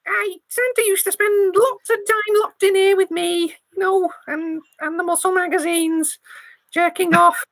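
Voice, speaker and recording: A woman voicing a tiny, cheeky male Christmas mouse in a tabletop role-play, with a rapid, gossipy manner and an attempted Scouse accent. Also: extremely high pitch, steady tone, vocal fry, a bit bright, no echo, voice pushed up, exaggerated voice.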